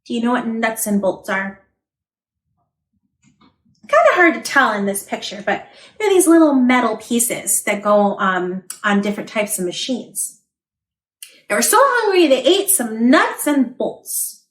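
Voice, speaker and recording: Female children's librarian, high lively storytime voice, slow and echoey. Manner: animated, sound effects and questions to kids. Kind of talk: reading a picture book aloud to children.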